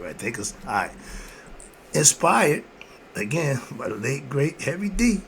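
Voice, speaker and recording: A man's voice: mid-range voice, very animated, unhurried, fairly bright tone, a little hiss or hum. Preachy man chuckling through a self-help talk. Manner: preachy, repetitive call-and-response phrasing with frequent chuckles. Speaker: self-help philosophy host. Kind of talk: casual motivational monologue. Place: home room with a heater running.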